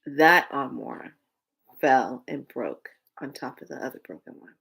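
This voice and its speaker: A woman's voice: very deep voice, lively intonation, measured pace, gravelly, fairly bright tone, breathy edge. A woman vlogger telling a personal story in a candid, emotional way, swearing freely.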